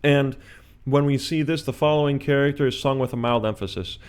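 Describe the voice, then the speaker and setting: A man's voice: mid-range voice, fairly quick, smooth. A man teaching a video chant lesson, explaining patiently and often checking in with "all right?".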